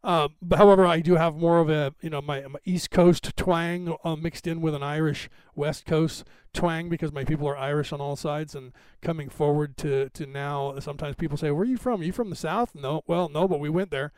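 A man's voice: fairly high pitch, flat delivery, moderate pace, few pauses, darkish tone, smooth, no echo. A middle-aged man from Northern California with a Californian accent, hosting a live stream and chatting to viewers in a rambling, digressive way, often adding "right?".

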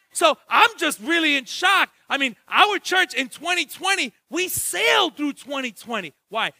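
A pastor preaching with a very high, piercingly bright voice and a gravelly edge. He shouts his exhortations and then drops into quiet, slangy, joking asides. The sound is dry and close. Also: big pitch swings, moderate pace, hardly any pauses, no room sound. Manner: swings from loud shouted exhortation to soft, low asides; jokey, street-slang storytelling. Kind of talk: sermon.

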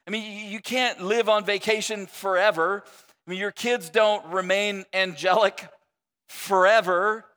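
High-voiced man preaching in a reverberant hall. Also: fairly even intonation, measured pace, bright, forceful tone. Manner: conversational, self-deprecating, jokey asides. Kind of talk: sermon. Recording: long reverb of a large hall.

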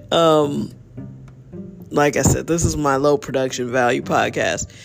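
A woman's voice: rumbling low, takes it slowly, vocal fry, soft background music. Tired, rambling woman podcast host. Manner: rambling, tired, yawning, with many fillers. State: exhausted. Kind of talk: casual solo podcast monologue.

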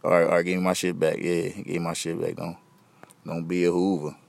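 A man's voice: low voice, monotone, a little fast, gravelly, no echo. A young man hosting a podcast, rambling in loose, slangy, profane casual chat. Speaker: podcast host.

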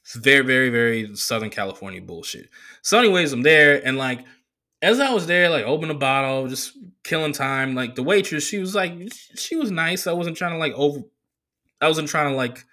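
A man hosting a solo podcast, telling rambling, profane stories in a casual, animated way. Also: fairly high pitch, fairly quick. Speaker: comedian and podcast host.

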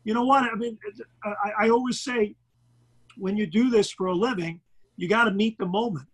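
A middle-aged basketball commentator with a Brooklyn accent, chatting animatedly in an interview and tripping over repeated words. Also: male voice, high-pitched, vocal fry, sharp tone, low-quality recording. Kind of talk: casual interview chat.

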